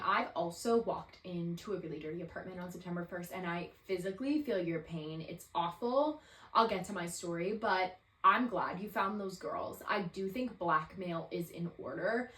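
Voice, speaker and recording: A woman's voice: medium pitch, fairly bright tone. Twenties woman podcasting, gabby and opinionated, echoey room. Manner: chatty, opinionated, filler-heavy. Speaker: podcast host. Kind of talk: casual advice podcast chat. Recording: roomy echo.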